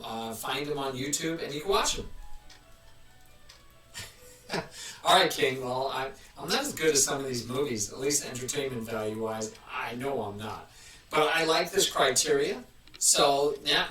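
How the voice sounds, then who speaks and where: A man's voice: on the high side, sharp tone. A man hosting a casual live stream, chatting in a rambling way and restarting his sentences often. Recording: roomy, mic at a distance.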